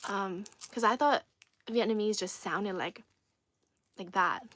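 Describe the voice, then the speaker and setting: A woman's voice: mid-range voice, slow, a bit bright, dry recording. A young woman from China hosting a casual livestream, chatty and playful, laughing often and repeating herself as she reads comments. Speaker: livestream host.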